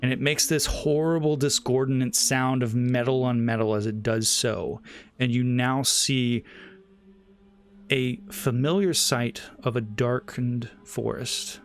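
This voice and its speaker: A man narrating a tabletop game as game master, setting scenes in a slow, measured way. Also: medium pitch, steady tone. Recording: home mic with faint background music.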